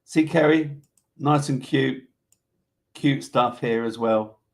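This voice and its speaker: A man's voice: mid-range voice, slow, creaky. A British man hosting a casual live online show, reading out animal facts and viewer comments in a chatty, joking way. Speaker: host. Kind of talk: casual live-stream chat.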